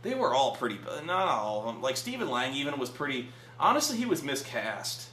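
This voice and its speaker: A man reviewing a film in casual chat at a friend's house, animated and profane, stammering through restarts. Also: mid-range voice, fairly quick. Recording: echoey room with faint hum.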